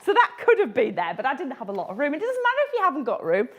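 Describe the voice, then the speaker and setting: A woman's voice: high voice, wildly swooping pitch, racing, a bit bright. Playful woman illustrator teaching drawing on a stream, very sing-song delivery. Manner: chatty and playful, laughs often. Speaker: children's book illustrator. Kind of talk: live drawing tutorial.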